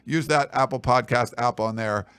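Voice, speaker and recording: A man's voice: medium pitch, moderate pace, fairly bright tone, smooth, no echo. A man co-hosting a sports podcast, joking and rambling through plugs and sponsor reads while teasing his co-host. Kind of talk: casual chat with sponsor reads.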